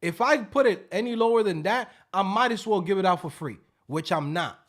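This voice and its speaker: A man hosting a casual livestream, joking loudly and profanely and acting out scam calls. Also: high voice, lively intonation, a little fast. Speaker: livestream host.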